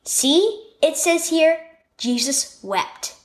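A woman reading a children's story aloud, voicing a gentle aunt who reassures and explains things to her niece. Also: high-pitched, expressive, drawn-out words, a little hiss or hum, voice pushed up, exaggerated voice. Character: gentle, comforting adult aunt.

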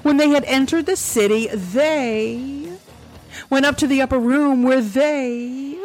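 A woman hosts a commentary video, reading scripture in a fairly high voice and cutting in with sarcastic, exclamatory remarks. faint music sits quietly under her. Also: takes it slowly.

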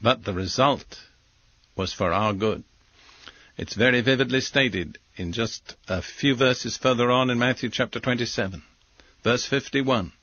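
A man preaching a sermon as a Bible teacher, speaking in measured, deliberate short phrases. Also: medium pitch, a bit bright, dry recording. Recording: dull, lo-fi dry recording.

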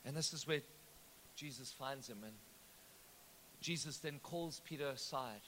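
A man's voice: medium pitch, measured pace, fairly bright tone, a little hiss or hum. A man, preaching a sermon and retelling the text as a story with joking asides. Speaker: pastor. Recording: echoey hall.

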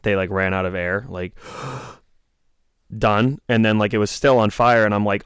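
A man chatting casually, excitable and profane, with lots of fillers. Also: lowish voice, normal speed, smooth, dry recording. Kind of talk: casual storytelling podcast chat.

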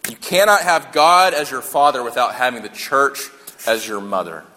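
A man's voice: medium pitch, moderate pace, pushed and bright. A man preaching a sermon in a conversational way, repeating key lines for emphasis and joking along the way. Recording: long hall reverb.

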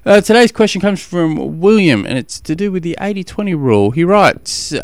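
A man's voice: high-pitched, expressive, moderate pace, hardly any pauses, no echo. A middle-aged Australian man hosting a podcast as a triathlon coach, talking in a chatty, rambling, self-mocking way with many restarts. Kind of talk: casual podcast monologue.

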